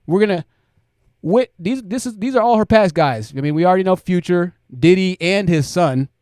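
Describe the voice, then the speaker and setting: A man's voice: sits high, normal speed, a little mellow, clean tone, no room sound, clean studio sound. A man hosting a livestream, giving blunt commentary and talking straight to his chat. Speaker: host.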